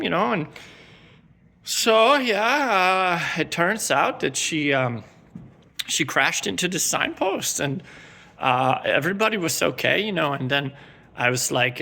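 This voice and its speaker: A man's voice: a little high, vocal fry, bright, forceful tone. A middle-aged man, telling a rambling comic story full of fillers. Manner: rambling, filler-heavy, laid-back storytelling. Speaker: comedic character host. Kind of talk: rambling comedic monologue.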